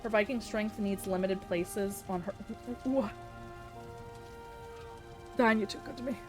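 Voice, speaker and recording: A woman live-streaming a game, chatting casually and playfully with her viewers and reacting out loud to the action. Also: mid-range voice, unhurried, over music. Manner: chatty and playful, breaks into yelps and laughter. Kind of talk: casual live-stream chat while gaming.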